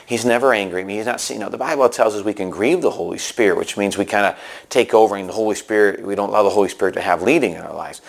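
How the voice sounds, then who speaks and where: A middle-aged man, a pastor, preaching a sermon in an earnest way, moving between emphatic points and hushed asides. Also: lowish voice, vocal fry.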